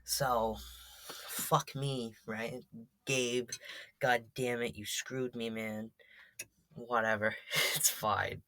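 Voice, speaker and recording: A man's voice: medium pitch, fairly even intonation, very slow, long pauses, bright, forceful tone, no echo. A teenage boy casually telling a story as a vlogger, rambling with lots of fillers and swearing. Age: teens.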